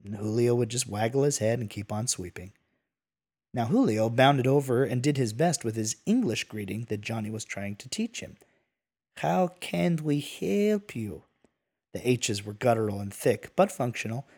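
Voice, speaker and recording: A man's voice: medium pitch, moderate pace, darkish tone, husky. A man narrating a western tale in a folksy, casual manner with asides. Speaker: storyteller.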